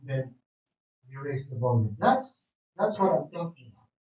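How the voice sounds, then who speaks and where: A man's voice: mid-range voice, very animated, moderate pace, dark tone. A man teaching a group, emphatic and checking in often with "right?". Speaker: lecturer. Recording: echoey room, speaker far from mic.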